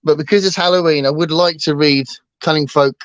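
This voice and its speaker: A man's voice: on the high side, steady tone, a little fast, a bit bright, clear, resonant tone, no room sound. A man co-hosting a casual book livestream, talking hesitantly with lots of ums and restarts. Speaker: book channel co-host.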